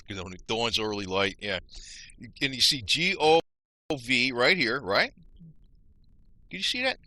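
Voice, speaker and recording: A vlogger with a medium-pitched, sharp-toned voice rambles in frustration while explaining what's on his screen, addressing his viewers as "you guys." The recording has no echo.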